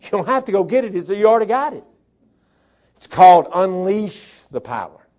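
A man preaching a sermon as pastor, dropping to quiet talk and rising to shouted preaching. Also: high-pitched, big pitch swings, normal speed. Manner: swings from soft talk to shouted preaching, imitates a chainsaw.

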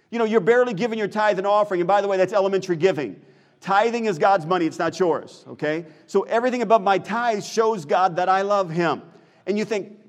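American male pastor, sermon delivery, quizzes the congregation, higher-pitched voice. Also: fairly quick, in a large hall. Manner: preaching, asks the congregation questions. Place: church sanctuary.

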